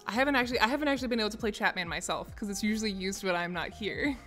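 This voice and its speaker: A woman's voice: medium pitch, racing, a bit bright, faint music behind. A young woman chatting casually with viewers on a stream, rambling with lots of fillers and frequent laughter. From United States. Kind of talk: casual chat. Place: office.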